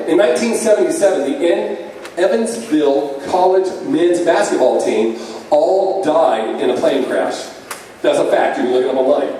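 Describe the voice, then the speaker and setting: A man doing a profane stand-up set, telling stories with deadpan punchlines on a club stage. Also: a little high. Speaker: stand-up comedian. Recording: echoey club sound from far off, faint noise.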